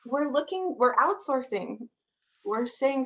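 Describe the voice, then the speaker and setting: Woman, podcast guest, fairly high voice, open, personal, laughs between phrases. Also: expressive, extremely slow, long pauses, fairly bright tone, highs cut off. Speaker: interview guest. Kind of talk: casual personal conversation.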